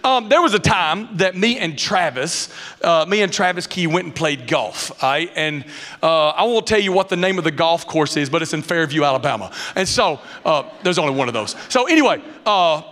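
A high-pitched man with a drawl preaches from the pulpit, telling funny stories with loose country grammar and lively acted-out quotes. His voice rings through a big church hall with a long echo behind it. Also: moderate pace. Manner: animated storyteller, dialect grammar, acts out quotes. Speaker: pastor. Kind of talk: sermon with humorous personal stories. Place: church sanctuary. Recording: reverberant hall sound.

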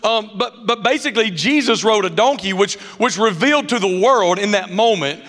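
A man preaching a sermon, telling funny personal stories in an animated way and acting out what people said. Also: high voice, moderate pace. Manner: animated storyteller, dialect grammar, acts out quotes. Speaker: pastor. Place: church sanctuary. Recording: reverberant hall sound.

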